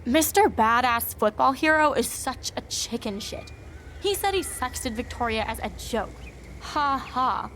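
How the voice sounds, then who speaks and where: A woman's voice: fairly high pitch, lively intonation, measured pace, fairly bright tone, slight background noise. A hurt young college girl. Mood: upset. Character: young woman student, upset, vulnerable.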